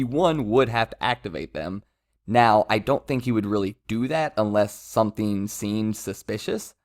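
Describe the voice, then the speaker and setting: A man giving casual commentary as a manga reviewer, rambling with self-interruptions and amused asides. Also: fairly low pitch.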